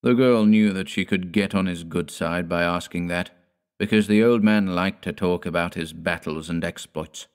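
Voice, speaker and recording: A man narrating a classic horror tale in a measured, quiet storytelling manner. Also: low voice, clean tone. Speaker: audiobook narrator.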